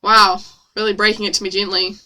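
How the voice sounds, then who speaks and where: A woman's voice: medium pitch, little pitch movement, fairly quick, bright, forceful tone. A woman streamer reading her own old novel aloud with sarcastic, self-mocking commentary.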